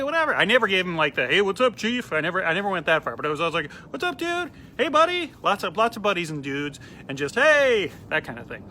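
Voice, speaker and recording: A comedian telling a funny story in a casual, animated way, acting out the quoted lines. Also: male voice, on the high side, slight background noise.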